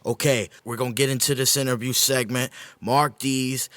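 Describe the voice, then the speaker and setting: A man's voice: medium pitch, fairly even intonation, normal speed, hardly any pauses, fairly bright tone, dry recording. Laid-back teasing male podcast host. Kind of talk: casual comedic podcast hosting.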